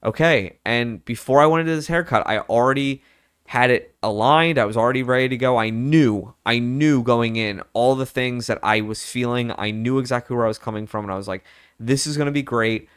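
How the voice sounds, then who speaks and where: A young man talks candidly and loosely to the camera, looping through fillers and quoting his own past thoughts. His voice sits at an average pitch, and the recording is close and dry, with almost no room sound. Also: a little fast, fairly bright tone, clear, resonant tone, no room sound. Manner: candid, rambling, lots of fillers and self-quotes. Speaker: vlogger. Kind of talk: personal casual chat.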